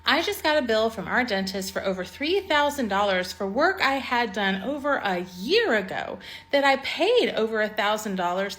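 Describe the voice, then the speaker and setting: A woman's voice: medium pitch, fairly bright tone. Indignant woman ranting to camera. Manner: indignant, emphatic complaining. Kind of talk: casual vlog rant.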